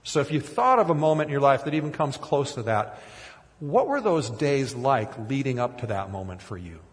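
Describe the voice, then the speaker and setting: A man's voice: medium pitch, expressive, moderate pace, in a large hall. A man from Minnesota preaching a sermon in church, conversational and self-deprecating, with frequent restarts and asides. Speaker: pastor. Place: church sanctuary.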